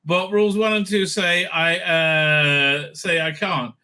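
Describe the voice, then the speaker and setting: Sarcastic and scornful, a man with a high, bright, clean-toned voice speaks slowly and steadily, using many fillers. He's a vlogger at home, a dog nearby, casually reading TV news and mocking it.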